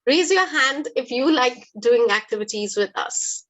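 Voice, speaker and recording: Woman, fairly high voice, lively teacher, encouraging, online class. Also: a little slow. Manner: upbeat, encouraging, quizzes the audience. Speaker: English teacher hosting a webinar. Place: online webinar.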